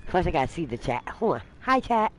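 A man's voice: fairly high pitch, big pitch swings, fairly quick, fairly bright tone, a little hiss or hum, poor audio. A man hosting a livestream, chatting casually and teasing with frequent laughter. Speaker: livestream host.

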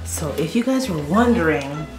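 A woman's voice: sits low, animated, normal speed, over music. A woman in her thirties, a mother hosting a family vlog, explaining things cheerfully to her children. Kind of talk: casual family vlog chat.

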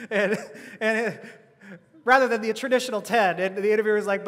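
A man's voice: high-pitched, brisk, pauses often, a bit bright. A man preaching a sermon as pastor, conversational, with rhetorical questions and laughing asides. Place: church hall. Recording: long hall reverb.

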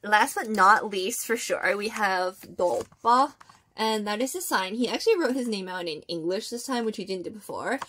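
A woman's voice: mid-range voice, normal speed, noisy background. A woman in her twenties telling a story in a casual vlog, rambling with many fillers and squealing when she retells her own flustered replies. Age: 20s. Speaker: vlogger.

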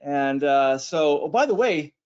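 Higher-voiced man presenting, lo-fi audio. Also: animated, measured pace, a little mellow, clean tone. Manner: loose, chatty, with fillers. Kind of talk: webinar presentation. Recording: dull lo-fi audio.

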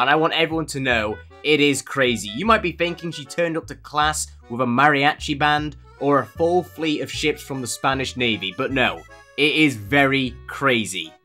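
A man's voice: medium pitch, pushed and bright. A man doing comedic reaction commentary, sarcastic and mocking, with lots of rhetorical questions. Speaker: commentary youtuber.

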